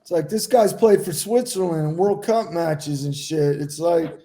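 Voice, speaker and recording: A middle-aged man co-hosting a casual round-table podcast, telling relaxed anecdotes. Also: fairly high pitch, a little slow, a loud crowd. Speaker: podcast co-host, former goalkeeper.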